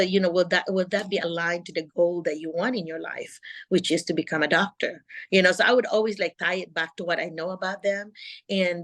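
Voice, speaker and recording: A middle-aged woman, coaching teachers on a video call and acting out a calm classroom voice. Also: lowish voice. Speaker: host and teacher mentor.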